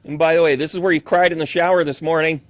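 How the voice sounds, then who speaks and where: A man's voice: on the high side, steady tone, fast talker, no room sound. A man with a Southern US accent doing a chatty, playful live tarot reading for viewers, joking between cards. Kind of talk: live card reading, casual chat.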